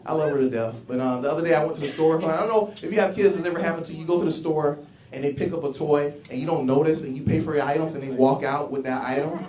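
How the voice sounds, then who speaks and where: A man performing a stand-up comedy set, telling animated stories about family life and acting out the people in them. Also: a little high, quick pace. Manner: animated storytelling, voicing characters in his bits. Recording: echoey room, mic heard from a distance. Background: audience laughter.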